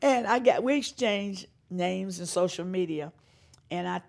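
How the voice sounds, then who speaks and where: A woman's voice: fairly low pitch, a little slow, vocal fry. An older woman from North Carolina, a singer-songwriter telling stories in an interview and acting out the voices of the people in them. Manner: animated storyteller, acts out quoted voices, laughs often. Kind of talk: storytelling interview.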